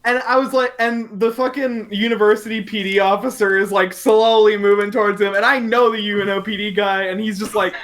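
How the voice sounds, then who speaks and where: A podcast guest tells a story in casual chat. The voice is mid-pitched and often breaks into laughter, with swearing along the way. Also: moderate pace, a bit bright, slight background noise. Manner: laughing, swearing anecdote teller.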